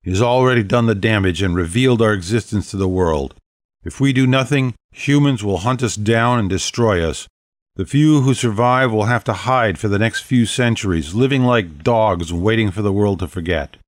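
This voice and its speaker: A man's voice: lowish voice, normal speed, dry recording, studio quality, lightly acted. A man voicing a regal, commanding ancient female vampire leader, speaking boldly and stately in an audiobook. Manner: bold, stately, proclaiming. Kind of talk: audiobook character voice.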